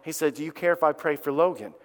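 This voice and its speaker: High-voiced pastor preaching in a reverberant hall. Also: male voice, quick pace. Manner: earnest storytelling, rising to loud emphatic peaks. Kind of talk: sermon. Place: church sanctuary. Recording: long reverb of a large hall.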